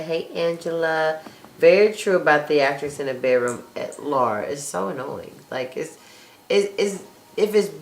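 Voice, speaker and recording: Woman host, low-pitched, blunt and profane, casual chat, echoey room. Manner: blunt, profane, laughing often. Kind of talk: casual chat reading live comments.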